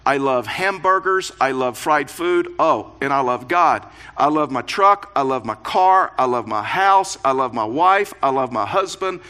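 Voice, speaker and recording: A pastor preaching a sermon, reading scripture and explaining it with earnest emphasis and playful asides. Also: male voice, mid-range voice, lively intonation, a little slow, hardly any pauses, sharp tone, clear, resonant tone.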